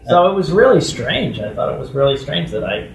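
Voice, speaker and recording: Animated man telling stories off-mic. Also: fairly quick, creaky, distant mic, highs cut off, background noise. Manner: animated, acts out quoted voices with big pitch jumps. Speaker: guest actor. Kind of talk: casual interview storytelling. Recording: echoey room, off-mic with faint ambience.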